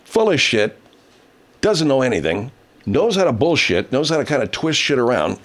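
A man hosts a relaxed livestream, going through viewer comments with heavy swearing and angry ranting, plus baby talk aimed at his cat. His mid-range voice swings widely in pitch at a normal speed.

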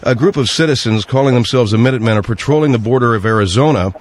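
A man's voice: mid-range voice, fast talker. A man hosting a call-in radio show, cutting in with pointed questions and pushing back on his guest. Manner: interrupting, pressing questions. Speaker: radio talk show host.

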